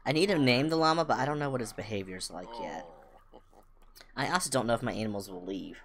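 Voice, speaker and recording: A woman streaming a farming game, chatting casually with viewers and cooing excitedly at her animals. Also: fast talker. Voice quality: low voice that jumps high with excitement. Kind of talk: casual gameplay chat.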